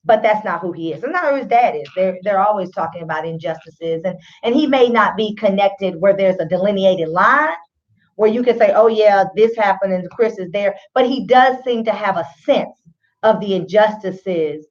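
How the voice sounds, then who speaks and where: A woman hosts a talk radio show in a relaxed, opinionated way, often turning to her audience as she talks. Her voice sits at a middle pitch and the audio is slightly dull. She keeps a loose, conversational flow. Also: normal speed. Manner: chatty, opinionated, addresses listeners as y'all. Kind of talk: casual commentary.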